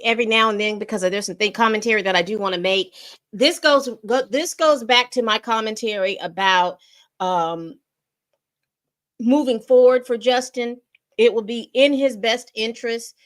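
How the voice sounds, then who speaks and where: A woman's voice: fairly high pitch, fairly bright tone. Chatty woman commenting on a recording. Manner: chatty, addresses viewers directly. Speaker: entertainment commentary host. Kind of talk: casual commentary.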